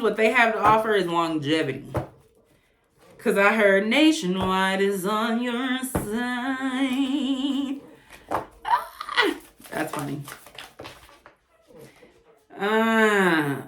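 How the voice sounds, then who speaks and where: A woman giving a casual tarot reading to camera, chatty and animated, with blunt, profane asides. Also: on the low side, roomy sound, a little hiss or hum. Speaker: tarot reader.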